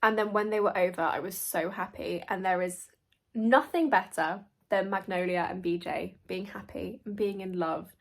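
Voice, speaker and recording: A young woman, gushing excitedly and emotionally about the book she's reading in a casual vlog, recorded outdoors. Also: medium pitch, normal speed, vocal fry. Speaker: book vlogger. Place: outdoors at sunset.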